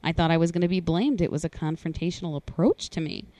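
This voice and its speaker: A woman telling a hard personal story in a conversation, earnest and halting. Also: mellow, dry recording. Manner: earnest, halting, rises in pitch when voicing others. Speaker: guest sharing personal story.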